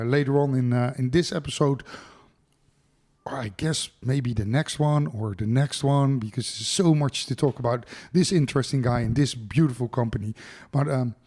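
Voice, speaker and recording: A man's voice: mid-range voice, dark tone. A Dutch man hosting a podcast interview in English, enthusiastic, his phrasing full of fillers. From Netherlands. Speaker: podcast host.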